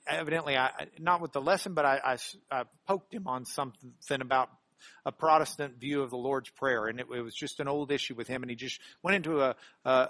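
An earnest man delivers a Bible lesson in a slightly high voice, swinging from emphatic bursts to quiet, prayerful stretches. The sound is dry and close, with no room around it. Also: no echo. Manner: earnest, animated, with sudden emphatic rises. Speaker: Bible teacher. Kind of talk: sermon-style Bible lesson.

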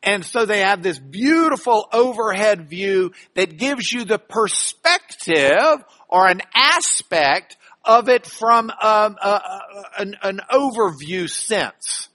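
A man lectures his class in a high, bright voice. He talks with emphatic energy and often restarts his phrases as he explains. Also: takes it slowly. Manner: animated, emphatic, with frequent restarts. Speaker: Bible class teacher.

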